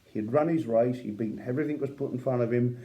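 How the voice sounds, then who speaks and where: A boxing commentator recounts boxing history as casual storytelling, opinionated and admiring, peppered with fillers and asides like "yeah" and "right?". His medium-pitched voice is mellow and quick, with the highs cut off.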